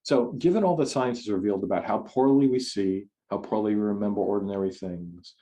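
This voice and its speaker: A man's voice: fairly low pitch, fairly quick, warm tone. A man giving a conversational talk over a video call, rambling and restarting his sentences often. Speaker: speaker. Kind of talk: online forum talk.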